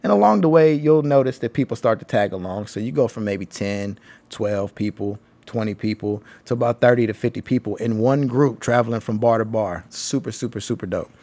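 Laid-back Southern American man, lowish voice. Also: a little fast, mellow. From Tennessee, USA. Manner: laid-back, rambling, frequent ums and profanity. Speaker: podcast host. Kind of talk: casual storytelling monologue.

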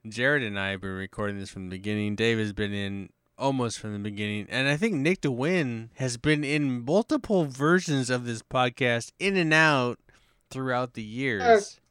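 A man's voice: mid-range voice, normal speed, fairly bright tone, smooth, dry recording, clean studio sound. Tipsy rambling man hosting a podcast. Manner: loose and rambling, trailing off. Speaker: podcast host. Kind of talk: casual chat.

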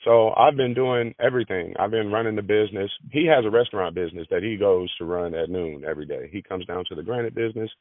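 A man talks in an interview with a fairly low voice, often repeating himself and starting sentences over. The sound is dry and tinny, like a phone call. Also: fast talker, few pauses, no room sound. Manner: repeats words, restarts phrases. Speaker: granite business manager. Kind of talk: interview conversation.

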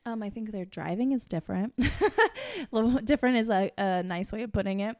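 A woman's voice: mid-range voice, very animated, a little fast. A young woman from Kansas City chatting as a guest, bubbly and laughing often, with lots of "like". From Kansas City area, USA. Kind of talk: casual chat.

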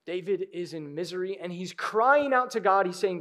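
A high-voiced man delivers a sermon from the pulpit of a church. He drops to near-whispers, then rises to loud, urgent appeals to the congregation. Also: lively intonation, normal speed. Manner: dynamic preaching, swings from hushed to loud. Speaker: pastor. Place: church sanctuary.

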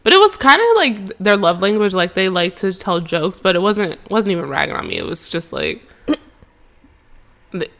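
A young woman talking on a podcast, chatty and loose, full of fillers and quick laughs. Her pitch sits in the middle for a woman. She speaks into a close mic. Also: very animated, vocal fry, fairly bright tone. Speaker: podcast co-host. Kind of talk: casual chat. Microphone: headphones and mic.

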